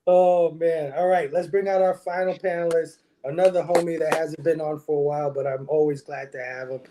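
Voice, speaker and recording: A man with a fairly high voice hosts a casual panel chat. He is upbeat and friendly, and he laughs easily between remarks. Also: steady tone, brisk, background noise. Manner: hype, friendly, laughs often. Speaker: podcast host.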